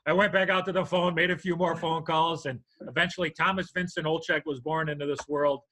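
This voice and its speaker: An older man telling a story on a podcast, his voice bright and a little high, and he acts out every character as he goes. Lively and animated, he's a natural storyteller in easy chat. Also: brisk, rough recording. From United States. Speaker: podcast co-host.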